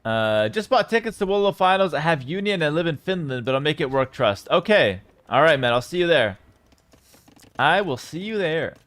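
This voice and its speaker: A man streaming live esports commentary on a strategy match, reading out chat and swinging between loud hype and low, calm play calls. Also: a little fast, few pauses, no echo.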